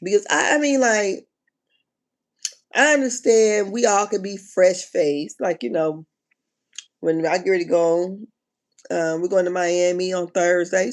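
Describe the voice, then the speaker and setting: A woman chatting casually on a live stream, animated and slangy, often laughing and exclaiming. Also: on the low side, gravelly. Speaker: reality TV commentator.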